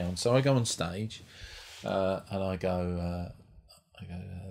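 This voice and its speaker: On a comedy club stage, a male stand-up comedian tells a rambling, profane anecdote, restarting often. His voice is low, creaky, and darkish, and he takes his time.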